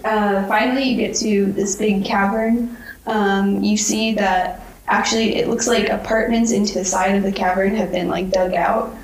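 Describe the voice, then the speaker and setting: A woman's voice: mid-range voice, steady tone, moderate pace. A woman narrating as game master, descriptive with many ums. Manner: filler-heavy, descriptive. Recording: echoey room.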